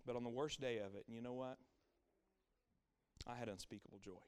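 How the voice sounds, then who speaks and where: A middle-aged pastor delivers a brisk, smooth sermon in a mid-range voice with fairly even intonation. Still, his cadence is emphatic and repetitive, dropping to hushed lines and building to loud peaks.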